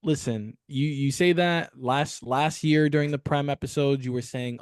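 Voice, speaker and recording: A man's voice: medium pitch, normal speed, clean tone, dry recording, clean studio sound. Laid-back man ribbing his co-host about football. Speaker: podcast co-host. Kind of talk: casual football chat.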